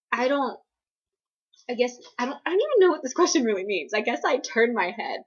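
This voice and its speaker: Husky young woman rambling on a vlog. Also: a little high, very animated, brisk, highs cut off. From East Coast United States. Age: young adult. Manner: rambling, filler-heavy, self-deprecating. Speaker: vlogger answering viewer questions. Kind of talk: casual Q&A vlog.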